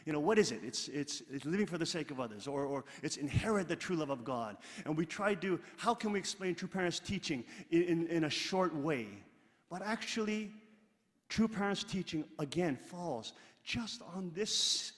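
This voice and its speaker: A man delivering a sermon to a gathering, talking emphatically and repeating phrases as he builds to loud peaks. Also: high-pitched, animated, a little slow. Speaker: religious leader. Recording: long hall reverb.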